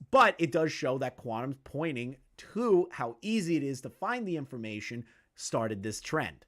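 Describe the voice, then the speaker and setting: A man's voice: medium pitch, very animated, normal speed. A heated, cursing male streamer. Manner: heated, profane and repetitive, hammering points home; reads messages aloud and comments on them. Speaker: streamer commenting on online drama. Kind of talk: live stream commentary.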